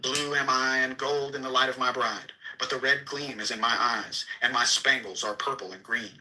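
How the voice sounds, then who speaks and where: A man giving a solemn, declamatory reading of an archaic scripture, slow and measured with sudden quicker bursts. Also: medium pitch, fairly even intonation, sharp tone, poor audio. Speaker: reader.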